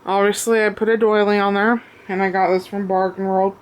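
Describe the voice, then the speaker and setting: A woman showing off a craft piece she made, talking out of breath, with many pauses and ums, recorded on a camera on a tripod at home. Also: mid-range voice, flat delivery. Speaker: crafter showing her work. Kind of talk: casual show-and-tell.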